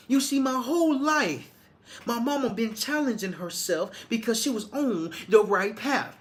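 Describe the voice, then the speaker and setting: A man's voice: very high-pitched, a little slow. Repetitive motivational man. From Arkansas, US. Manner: repetitive, preachy, many restarts. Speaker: motivational speaker. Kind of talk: motivational monologue.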